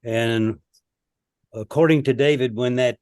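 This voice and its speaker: A man on a video call giving a knowledgeable comment, halting often with fillers. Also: medium pitch, fairly even intonation, darkish tone, clean tone, no room sound, clean studio sound. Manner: hesitant, many fillers, recounting. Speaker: participant with expertise.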